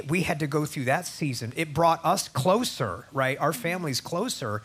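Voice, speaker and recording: A man's voice: a little high, fairly bright tone, breathy edge. A man hosting a Christian talk show, affirming his guest and asking her questions.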